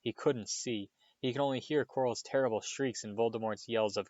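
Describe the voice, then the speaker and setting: A man reading a storybook chapter aloud, expressive with occasional slips. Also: medium pitch, normal speed, no echo. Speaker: reader. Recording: dull dry recording.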